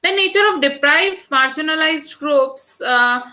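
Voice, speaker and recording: Bright-voiced Indian woman lecturing. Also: high voice, measured pace, poor audio. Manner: addresses students directly, reads out lists of terms. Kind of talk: online lecture.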